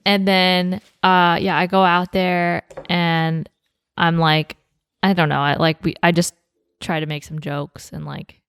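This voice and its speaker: A young woman co-hosts a podcast, her fairly low voice level, unhurried, fairly bright, clear and resonant. The clean studio recording has no room sound. Her casual chat is full of fillers, swearing and laughter.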